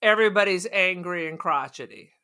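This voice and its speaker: A woman's voice: fairly low pitch, a little fast, pushed and bright, clean tone. A woman co-hosting a podcast in casual chat, sarcastic and blunt as she riffs on a movie. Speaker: podcast co-host.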